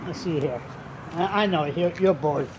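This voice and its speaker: With a fairly high-pitched voice, this blogger rambles casually to camera, swearing freely and speaking bluntly. His attention drifts from the tale he's telling to chatter with his dog. Passing cars make a faint hum in the background.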